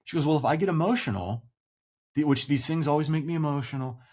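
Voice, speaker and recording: A man's voice: fairly high pitch, quick pace, darkish tone. A man in his forties, a military veteran, animatedly telling a personal story in casual podcast chat, swearing freely and acting out quoted voices. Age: 40s.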